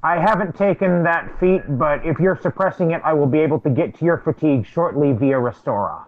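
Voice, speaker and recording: A man playing in a tabletop game, explaining spells and rules in a measured way. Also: a little high. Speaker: player. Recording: dull lo-fi mic.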